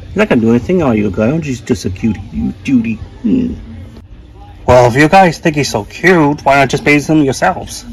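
A man's voice: mid-range voice, moderate pace, low-quality recording. A man voicing all the characters in a playful plush toy comedy skit. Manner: lively, playful, switches between voices.

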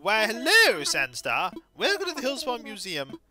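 A woman's voice: a little high, huge pitch swings, moderate pace, music in the background, voice pushed up. Woman putting on a fussy old owl curator. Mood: delighted. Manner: prim, old-fashioned and gushing.

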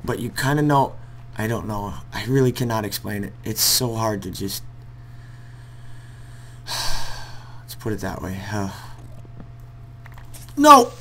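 A young man vlogging over gameplay at his computer, talking in a rambling, hesitant way and bursting into loud cursing now and then. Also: fairly low pitch, steady tone, a little slow, creaky, long pauses, slight background noise. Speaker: gaming vlogger. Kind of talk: casual heartfelt talk over gameplay.

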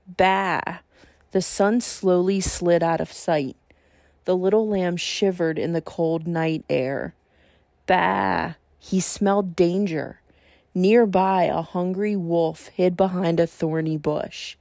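Slow, gentle woman storyteller. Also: on the low side, no echo, clean studio sound. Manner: gentle, measured storybook reading. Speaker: children's church storyteller. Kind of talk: reading a Bible storybook aloud.

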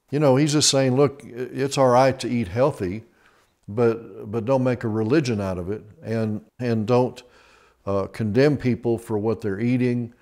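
A man's voice: mid-range voice, a little mellow. A male pastor giving a TV sermon in an easygoing, folksy, conversational way. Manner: conversational, with frequent restarts. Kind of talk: TV sermon teaching.

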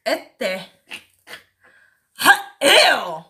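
A woman's voice: high voice, big pitch swings, drawn-out words, bright, forceful tone. A woman co-hosting a comedy video, teasing and exclaiming with crude playful insults. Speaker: comedy vlog co-host. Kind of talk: crude improvised comedy banter.

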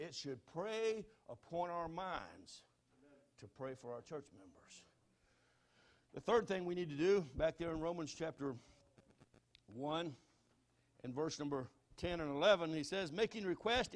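A high-voiced man with a Southern US accent preaches to his congregation. His delivery swings from hushed, earnest appeals to loud, passionate exhortation. He sounds middle-aged and speaks as a pastor. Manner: fervent, swings from quiet pleading to shouting. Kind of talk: sermon. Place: church sanctuary.

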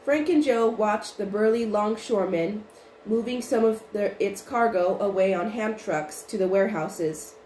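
A woman narrating a storybook chapter in an even, unhurried reading voice with small restarts. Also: medium pitch. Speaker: audiobook reader. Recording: roomy with faint noise.

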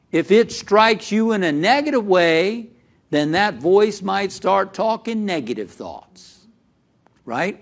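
Guy preaching to his congregation, high lively voice, takes his time, keeps asking the room stuff. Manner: animated, questions the congregation directly. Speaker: minister. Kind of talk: sermon. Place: church hall with a live congregation.

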